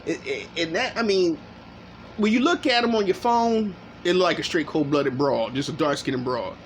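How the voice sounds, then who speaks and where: High-pitched dude ranting and cussing over a clip, bit of noise in the background. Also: male voice, expressive, normal speed. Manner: heated, cursing, interrupts the clip. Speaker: commentary channel host. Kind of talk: profane reaction commentary.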